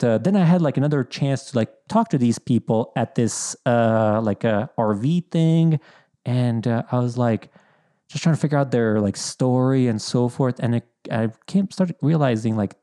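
A young man from Bosnia chatting casually, telling animated stories full of "like" fillers. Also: mid-range voice. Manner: animated storytelling, lots of "like" fillers. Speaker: podcast guest, content creator. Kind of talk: casual chat.

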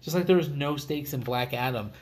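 A man's voice: medium pitch, brisk. A man co-hosting a casual podcast, ranting about a movie with profanity and mocking voices of the characters. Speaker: podcast co-host. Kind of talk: casual movie-rant chat.

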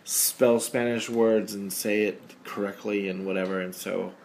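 A man's voice: lowish voice, fairly even intonation, unhurried, vocal fry, a little mellow, slight background noise. A man telling stories in casual podcast chat, rambling and making jokey asides. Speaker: podcast guest.

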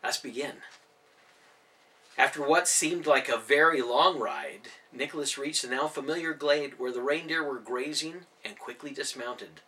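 A man's voice: mid-range voice, a little slow, sharp tone, far from the mic. A male storyteller animatedly reading a children's novel aloud, narrating each scene with expression.

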